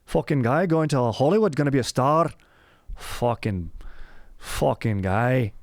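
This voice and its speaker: A man's voice: mid-range voice, lively intonation, a little slow, no room sound, clean studio sound, voice pushed up. A man putting on a mock Scottish accent to play an angry Scotsman scolding a would-be actor. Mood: berating. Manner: shouting, profane, scornful.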